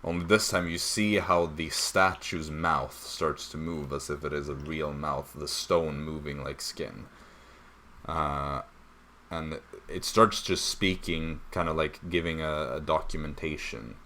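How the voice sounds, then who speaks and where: A man's voice: extremely low pitch, fairly even intonation, unhurried, sharp tone, slight background noise. A young man narrating as dungeon master of a tabletop game, hesitant with many fillers. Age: young adult.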